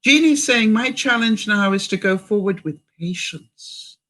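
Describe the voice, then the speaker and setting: A woman's voice: medium pitch, expressive, measured pace, fairly bright tone. An older woman from Canada chatting in a livestream, reading viewer comments and coaching her audience with questions. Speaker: vlogger.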